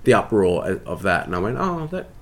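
A man with a very low voice and an Australian accent, from Tasmania, talks easily about his career. His delivery is chatty and self-deprecating, loose and unhurried, like a guest who is comfortable with the host. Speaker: actor, interview guest. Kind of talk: casual interview storytelling.

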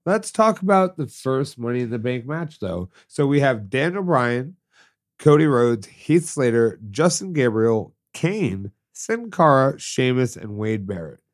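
A man's voice: medium pitch, big pitch swings, a little slow. Congested man co-hosting a podcast. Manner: chatty, with playful teasing. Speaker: podcast co-host. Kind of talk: casual chat.

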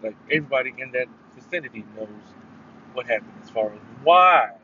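A man's voice: medium pitch, lively intonation, a little fast, bright, forceful tone. A man hosting a casual solo podcast, rambling and swearing, with sudden emphatic bursts. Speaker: podcast host. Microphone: headphones mic. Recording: dull lo-fi sound with faint noise.

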